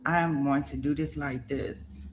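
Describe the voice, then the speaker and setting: Her voice sits low and steady, the pace measured, with slight background noise. As a middle-aged host on a casual trial-commentary livestream, she chats to viewers, thanks donors, and keeps restarting sentences amid lots of fillers.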